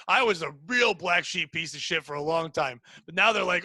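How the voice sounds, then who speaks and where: A man's voice: a little high, pushed and bright, dry recording, clean studio sound. A young man hosting a comedy podcast, talking bluntly and profanely in casual banter. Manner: blunt, profane, rapid-fire. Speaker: podcast host, stand-up comic.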